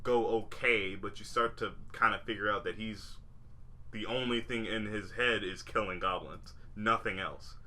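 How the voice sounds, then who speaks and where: Bright-voiced young man rambling casually. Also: fairly low pitch, moderate pace. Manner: rambling, profane, many fillers and restarts. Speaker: podcast co-host. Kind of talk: casual chat.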